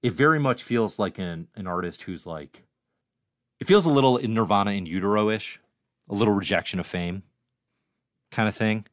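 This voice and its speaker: A man's voice: on the low side, moderate pace, long pauses, no echo, clean studio sound. A man hosting a casual comics review livestream, chatty and reading viewer comments aloud. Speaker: livestream host.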